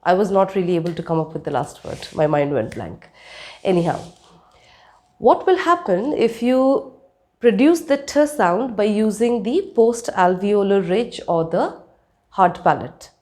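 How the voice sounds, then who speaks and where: A woman's voice: medium pitch, lively intonation, unhurried, warm tone. A woman teaching a spoken lesson, demonstrating sounds and checking in with her listeners. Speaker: accent coach.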